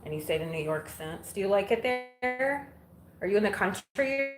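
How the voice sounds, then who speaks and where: Over music, a woman with an expressive mid-range voice talks at normal speed to live-stream viewers while doing chores. Originally from Illinois, she's blunt and relaxed, reacting to comments and swearing now and then. It's recorded in her kitchen and living room with open windows, giving roomy audio with faint background noise.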